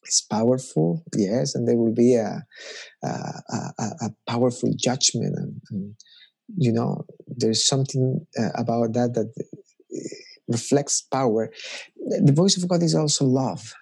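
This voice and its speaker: A man's voice: mid-range voice, measured pace, gravelly, a little mellow, slightly rough. A man preaching a conversational sermon as a pastor, reflective and personal, musing aloud.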